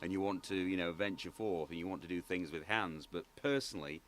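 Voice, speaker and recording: A man's voice: low voice, brisk, a little hiss or hum, natural voice. An actor playing a male psychic medium who earnestly warns the group, with hesitant restarts. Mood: earnest, wary.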